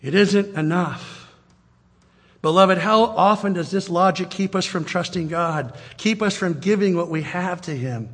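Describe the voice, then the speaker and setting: Animated preacher man in a reverberant hall. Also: high voice, unhurried. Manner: conversational, animated, acts out quotes. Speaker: pastor. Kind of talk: sermon.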